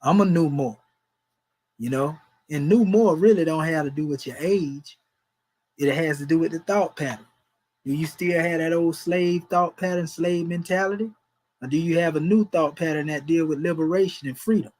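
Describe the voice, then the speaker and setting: A man's voice: on the high side, moderate pace, darkish tone, low-quality recording. Emphatic man preaching informally. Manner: folksy, emphatic, chuckles between points. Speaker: religious teacher.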